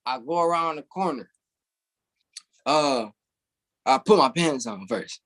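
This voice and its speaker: A man's voice: a little high, lively intonation, a little slow, long pauses, a bit bright. A young man, a guest in an interview, telling a long story casually and animatedly, swearing freely and laughing as he goes.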